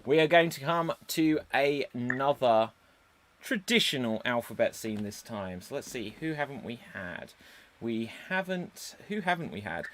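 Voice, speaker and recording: A man's voice: mid-range voice, expressive, unhurried, fairly bright tone, a little hiss or hum. Man hosting a live improv show. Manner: upbeat, reads out suggestions. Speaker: host.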